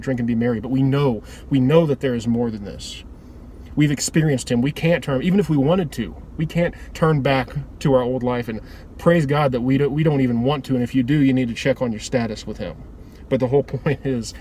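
Earnest and informal, a man with a mid-range, darkish voice preaches a devotional talk that keeps looping back and restarting its phrases. A faint hiss or hum runs under the recording.

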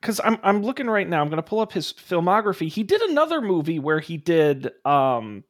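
A man's voice: sits high, sing-song, fairly quick. A man co-hosting a movie podcast in casual chat, with wry, dry humor and frequent laughs. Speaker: podcast co-host.

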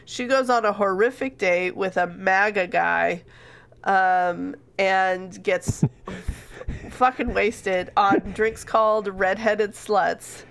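A woman's voice: mid-range voice, steady tone, slow, creaky, fairly bright tone. A woman co-hosting a book podcast, summarizing the plot casually with laughs and some swearing. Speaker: podcast co-host.

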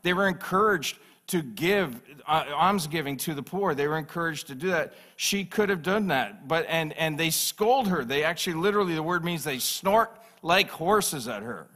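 Bright-voiced male pastor preaching. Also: on the high side, expressive, normal speed, hardly any pauses. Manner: emphatic, repeats phrases for stress. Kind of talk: sermon.

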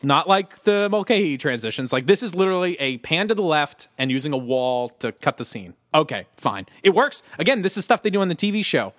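A man's voice: on the high side, sing-song, brisk, hardly any pauses, fairly bright tone, no echo, clean studio sound. A man co-hosting a casual movie commentary podcast, sarcastic and laughing often. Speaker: podcast co-host.

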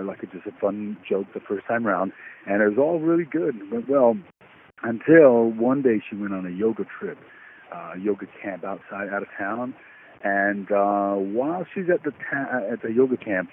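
An Australian man phones in to tell a story, his speech full of fillers and meandering asides. His voice sits low, and it comes through a thin, phone-like line with a faint hiss behind it. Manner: rambling, many fillers. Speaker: caller. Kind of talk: telling a personal story.

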